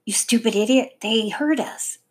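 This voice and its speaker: A woman's voice: medium pitch, animated, measured pace, darkish tone. A woman voicing a blunt, snappish eleven-year-old girl in a storybook reading. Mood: snapping. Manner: curt, snappish.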